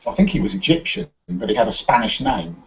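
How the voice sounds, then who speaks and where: Low-voiced man explaining in lo-fi sound. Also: very animated, fairly quick. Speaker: panelist. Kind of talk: casual group discussion. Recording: dull lo-fi recording.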